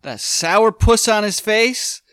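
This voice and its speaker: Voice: mid-range voice, animated, slow, a bit bright, smooth, dry recording, studio quality. A podcast co-host recapping a sitcom episode in casual, hesitant chat with many fillers.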